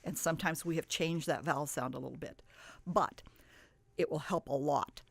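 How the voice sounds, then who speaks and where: A woman's voice: sits low, moderate pace, creaky, dry recording. A woman teaching reading, who explains patiently and stretches out words to model the sounds. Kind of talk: instructional talk.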